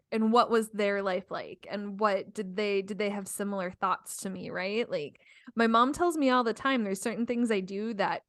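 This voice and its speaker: A middle-aged woman with a voice on the high side co-hosts a podcast, recorded dry at studio quality. She's chatty in casual conversation, laughs often, and uses many fillers.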